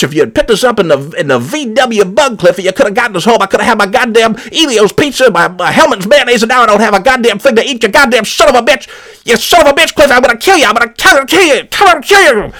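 A furious former baseball announcer, voiced by a man who rants in a high, swooping voice. He sputters and curses at the listener and starts his sentences over again, in the style of a prank voicemail comedy. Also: a bit bright. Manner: swearing, sputtering rant. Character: ranting angry uncle, former baseball announcer.

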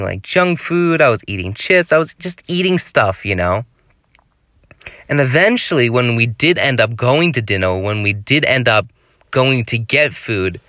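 A man's voice: medium pitch, bright, forceful tone, dry recording, studio quality. A man preaching a devotional sermon, pleading with his listeners in an earnest, exhorting way.

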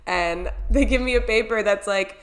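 A woman's voice: mid-range voice, normal speed. A young woman casually recapping her own experience as a vlogger, chatty and rambling, acting out her own reactions as she tells it.

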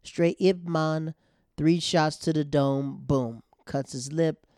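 Young male host, animated, slangy recap storyteller, warm mellow tone, close dry sound. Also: on the high side, slow pace, clean tone, no room sound. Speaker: podcast host recapping a TV episode. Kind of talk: casual recap chat.

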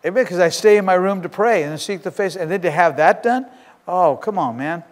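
Male pastor, high-pitched, animated storyteller; long church reverb. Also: brisk. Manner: storytelling, animated, swings between loud and hushed. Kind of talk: sermon. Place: church sanctuary. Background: congregation shouting.

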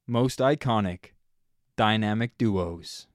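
A man's voice: on the low side, takes it slowly, no room sound, clean studio sound. A young man hosting a casual podcast chat, joking and laughing often. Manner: lively, laughs often, jokey. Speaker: podcast host.

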